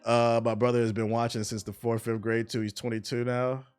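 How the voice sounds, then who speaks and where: A young man with a smooth, mid-range voice hosts a livestream. He chats casually, jokes, swears and reads chat messages aloud in an animated way.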